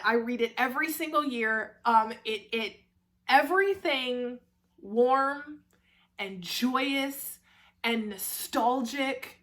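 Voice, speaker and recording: A young woman chatting casually to camera as a book reviewer, gushing and warm about her subject, with lots of fillers and restarts. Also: high-pitched.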